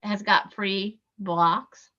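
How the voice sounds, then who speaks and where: A woman's voice: mid-range voice, fairly even intonation, very slow. A woman quilter chatting casually on a video call, rambling through a list of sources. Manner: rambling, lists sources in passing. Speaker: quilter in an online group chat. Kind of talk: casual chat. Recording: muffled video-call audio.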